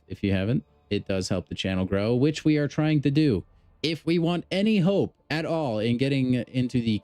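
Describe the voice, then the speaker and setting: A man's voice: mid-range voice, warm tone, clear, resonant tone, no room sound. A man livestreaming a mobile game, chatting casually and upbeat to his viewers. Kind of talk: casual gameplay commentary.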